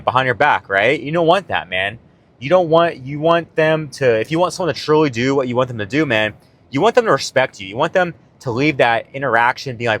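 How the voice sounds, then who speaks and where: A man's voice: mid-range voice, expressive, moderate pace, a bit bright. A man talking casually to camera about a self-help book and coaching, swearing freely and tagging on "man" and "right?". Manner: profane, laid-back, peppered with "man" and "right?". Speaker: self-improvement vlogger and coach.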